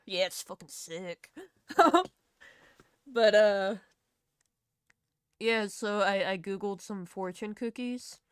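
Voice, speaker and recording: A woman's voice: mid-range voice, animated, slow pace, pauses often, clean tone, no echo, clean studio sound. A woman with a Southern US accent chatting casually on a live stream while she draws, rambling, laughing and swearing freely. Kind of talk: casual chat while drawing.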